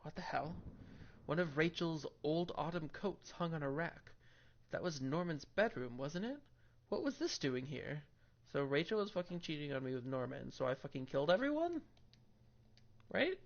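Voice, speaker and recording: A man's voice: on the high side, animated, moderate pace, creaky, highs cut off. A young man playing a horror game, reading its text aloud and swearing at it in frustration. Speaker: gaming video host. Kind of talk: horror game let's play.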